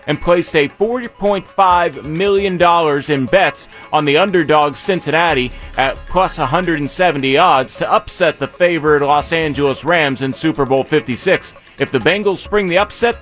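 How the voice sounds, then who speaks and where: Radio host, man, fairly high voice, reads the news then chats, faint music bed. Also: a bit bright. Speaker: radio sports show host. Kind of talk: casual sports radio chat.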